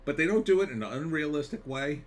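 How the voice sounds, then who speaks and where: A screenwriter giving a rambling, conversational trailer reaction, full of fillers and wry asides. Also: male voice, fairly high pitch, animated, fast talker. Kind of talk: casual commentary.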